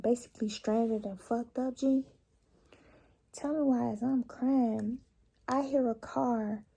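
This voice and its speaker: A young woman telling a profane, animated storytime to her viewers in a casual vlog. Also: a little high, creaky, slightly rough. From Chicago area. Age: young adult. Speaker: vlogger.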